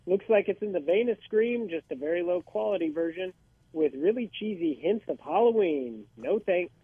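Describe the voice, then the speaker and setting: A man's voice: sits high, lively intonation, moderate pace, slightly rough, dry recording, phone-quality sound. A man reviewing movies on a radio panel, with wry and dismissive quips. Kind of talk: casual panel chat.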